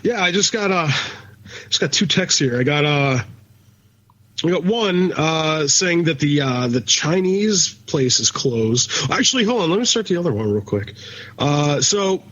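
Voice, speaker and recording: A man's voice: a little high, expressive, measured pace, fairly bright tone, dull audio. A man with a Philadelphia accent co-hosting a podcast in casual chat, rambling, swearing freely and drifting off topic. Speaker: podcast co-host.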